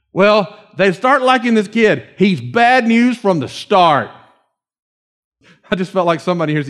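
A middle-aged man preaching a conversational, animated sermon, slowing to hushed readings of scripture. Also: sits high. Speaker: pastor.

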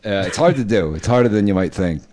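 A man's voice: fairly low pitch, expressive, quick pace, a little mellow. A man co-hosting a podcast, chiming in with crude jokes and frequent laughter. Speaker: podcast co-host. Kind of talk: casual comedic chat.

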